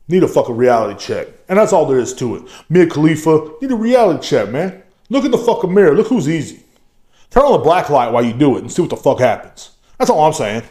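A man's voice: medium pitch, darkish tone. A man in his thirties hosting his own podcast, ranting casually in a profane, rambling, mocking way. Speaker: podcast host. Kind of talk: casual rant.

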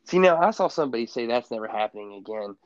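A man co-hosting a sports podcast in casual chat, rambling with lots of halting restarts. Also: mid-range voice, animated, no echo. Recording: dull, muffled lo-fi sound.

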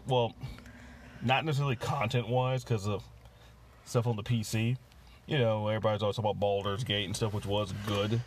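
A man's voice: fairly low pitch, very animated, brisk, slight background noise. A man co-hosting a casual podcast, rambling with many fillers and restarts as he chats. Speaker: podcast co-host. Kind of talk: casual chat.

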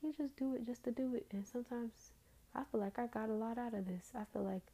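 A woman's voice: on the high side, fast talker, dark tone. A tired woman hosting a casual, rambling faith talk, trailing off into fillers.

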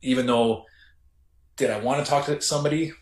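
A Canadian man, a former correctional officer, recounting his story in a reflective, halting way with many restarts. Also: mid-range voice, fairly even intonation. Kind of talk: casual storytelling interview. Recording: roomy echo.

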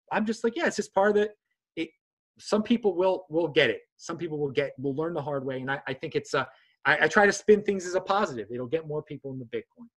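Husky man, animated crypto-channel host. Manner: animated, mocking impressions in a high voice. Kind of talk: casual chat.

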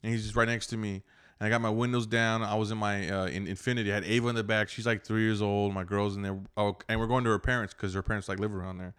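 A man's voice: fairly low pitch, little pitch movement, quick pace, fairly bright tone, smooth. A man telling rambling, profane stories in casual chat, acting out the people he quotes.

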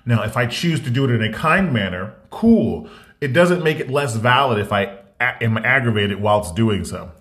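A man in a casual ranting monologue, blunt and animated, repeating himself as he goes. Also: mid-range voice. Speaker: vlogger.

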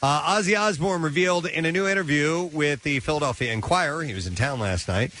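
A man's voice: a little high, animated, bright, forceful tone, a little hiss or hum. Man casually reading entertainment news. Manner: brisk newsreader delivery with filler "uh"s. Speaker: radio show host reading entertainment news. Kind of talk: morning radio news read with casual asides.

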